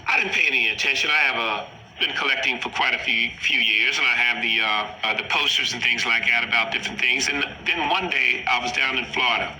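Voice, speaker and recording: A man recounting a personal encounter in a halting storytelling manner, often repeating "he said". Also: medium pitch, sharp tone. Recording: echoey room with faint noise.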